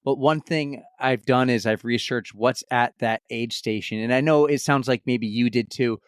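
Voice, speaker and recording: A man with an ordinary mid-range voice chats on a podcast. He is relaxed and thinks aloud as he goes. The recording is dry and close. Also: medium pitch, normal speed, smooth, no echo. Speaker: podcast host. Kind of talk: casual chat.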